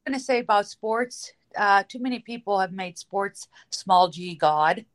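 A woman's voice: medium pitch, normal speed. A woman calling in to a talk show, earnest and a little rambling. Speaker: caller.

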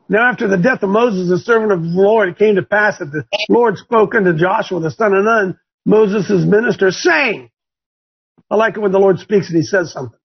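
A fiery male preacher whose voice sits very high and has a husky grain. He hammers home repeated phrases and climbs into shouts. The recording sounds dull and lo-fi. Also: brisk.

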